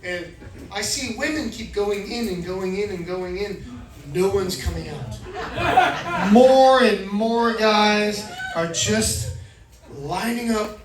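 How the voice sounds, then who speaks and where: A middle-aged man from Florida doing an animated stand-up set, acting out voices and shouting punchlines. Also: high voice, slow. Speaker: stand-up comedian. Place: comedy club stage. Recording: echoey club recording from far off, crowd laughter. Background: audience laughter.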